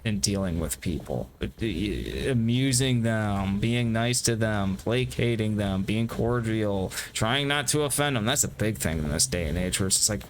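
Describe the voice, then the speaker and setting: A man's voice: lowish voice, lively intonation, moderate pace, few pauses, slight background noise. A man giving casual gameplay commentary, rambling, swearing freely and poking fun at himself. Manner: profane, rambling and self-deprecating. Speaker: gameplay streamer.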